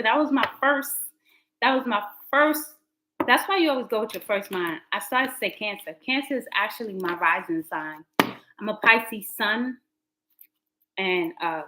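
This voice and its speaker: A woman's voice: mid-range voice, noisy background. A woman, hosting a casual live tarot stream and chatting and laughing with her viewers. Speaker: livestream host, tarot reader.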